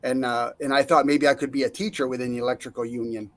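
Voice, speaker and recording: A middle-aged man recounting his life in a relaxed interview, acting out the voices of the people he quotes, with frequent fillers and restarts. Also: mid-range voice, quick pace. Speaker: interview guest, Navy veteran. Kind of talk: casual storytelling.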